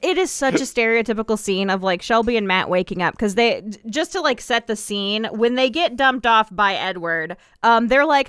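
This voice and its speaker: Chatty woman with a smooth voice. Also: mid-range voice, animated, moderate pace, few pauses, fairly bright tone, no echo, clean studio sound. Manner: rambling, laughs often. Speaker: podcast co-host. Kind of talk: casual recap chat.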